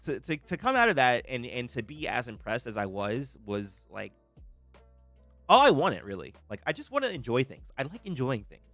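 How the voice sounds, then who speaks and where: An excitable young man hosts a live reaction stream, tripping over his words as he gushes and greets his chat. His voice sits at an ordinary middle pitch. The sound is dry and close, with faint music underneath. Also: moderate pace, no room sound. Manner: excitable, stammering restarts, laughs often. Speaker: livestream host reacting to a trailer.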